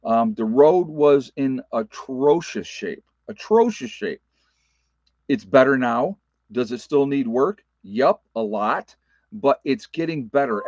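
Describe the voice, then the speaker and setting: Speaking at medium pitch, this man is a prepper vlogger talking to viewers from a rural off-grid homestead while going through live comments. He's folksy and emphatic, with plenty of repetition and filler words. The audio is dry and dull.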